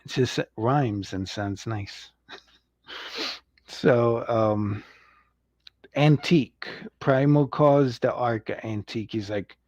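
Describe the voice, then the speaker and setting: A man's voice: mid-range voice, takes it slowly, pauses often, a little mellow, dry recording. A man hosting a casual livestream review. He rambles, chuckles often and acts out quotes. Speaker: show host reviewing an animated series. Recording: dull lo-fi, dry sound.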